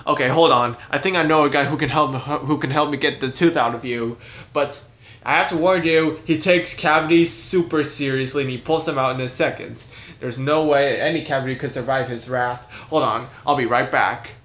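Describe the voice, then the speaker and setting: A man's voice: medium pitch, normal speed, fairly bright tone, roomy sound, close to an everyday voice. A man doing a goofy bumbling chef. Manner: rambling, stumbles over words. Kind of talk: puppet show character voice.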